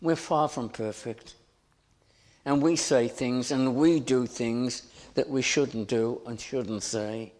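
A man preaching a sermon in an earnest, deliberate way, lifting his voice for emphasis. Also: medium pitch, steady tone, darkish tone.

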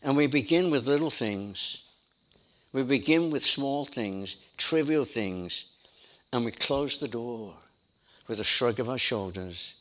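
A man's voice: medium pitch, animated, unhurried, fairly bright tone. A man preaching a sermon in an emphatic style, building his points through repetition. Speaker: pastor.

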